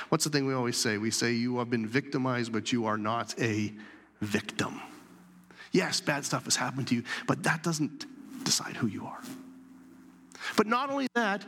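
Man, pastor, sermon, animated with hushed asides, church sanctuary, long hall echo. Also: a little high. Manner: animated, dropping to soft whispers for emphasis.

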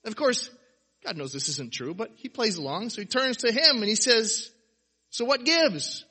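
A man preaching a sermon, animated, firing off rhetorical questions and acting out quotes. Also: high voice, normal speed, breathy edge. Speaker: pastor.

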